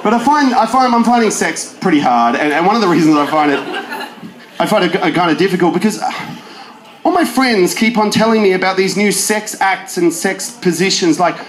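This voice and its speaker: A young man doing a stand-up comedy set in a pub, with animated joke delivery and some shouted bits. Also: high-pitched, fairly quick, noisy background. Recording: roomy live venue sound.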